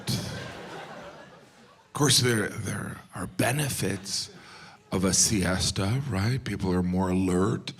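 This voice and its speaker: A middle-aged American man doing a stand-up set, deadpan, slipping into silly voices for the people he quotes. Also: low-pitched, takes it slowly, long pauses, a little hiss or hum. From United States. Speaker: stand-up comedian. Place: live comedy venue with audience.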